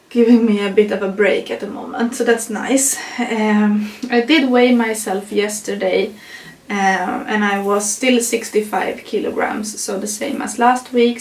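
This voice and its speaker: A woman's voice: medium pitch, reverberant, far from the mic. A young woman, a non-native English speaker, chatting casually in a pregnancy update vlog, with frequent laughs and fillers. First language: not English. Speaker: vlogger.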